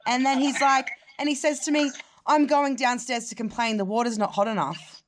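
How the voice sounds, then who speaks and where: A woman's voice: high voice, normal speed, background noise. A young Australian woman vlogger telling a story in casual chat, swearing and acting out what others said. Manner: animated, sweary, quotes people in other voices.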